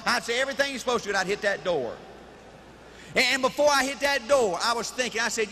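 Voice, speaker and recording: High, bright-voiced shouting male speaker. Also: expressive, a little fast, big-room sound, slight background noise. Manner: emphatic, repetitive, bursts of shouting. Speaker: motivational speaker. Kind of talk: high-energy motivational speech.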